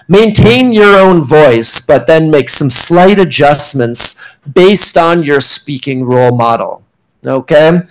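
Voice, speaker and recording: A man giving a classroom workshop lecture, speaking in a clear, emphatic teaching manner and often checking in with "okay?". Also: fairly high pitch, animated, takes it slowly, poor audio. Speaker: workshop instructor. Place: university meeting room.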